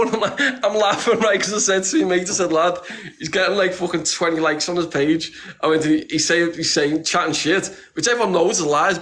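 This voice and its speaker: An interview guest with a high, fairly bright voice talks in a blunt, streetwise, casual way. He swears freely, often says "lad," and rambles with plenty of restarts.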